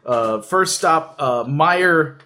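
A man on a casual podcast tells a travel story in a voice set somewhat higher than most men's. He rambles, stops and restarts his sentences, and throws in jokes along the way. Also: animated, slow, pushed and bright. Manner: rambling, full of fillers and restarts, joking. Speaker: podcast host.

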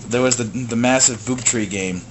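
A man co-hosting a casual podcast, joking and laughing often, with halting fillers. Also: mid-range voice, background noise. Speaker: podcast co-host. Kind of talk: casual chat.

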